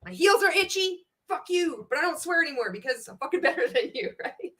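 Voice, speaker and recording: A woman's voice: big pitch swings, brisk, full character voice. Woman mocking a smug preachy coach guy. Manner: mocking, swearing, loud and shrill. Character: smug preachy male network-marketing coach, arrogant and dismissive.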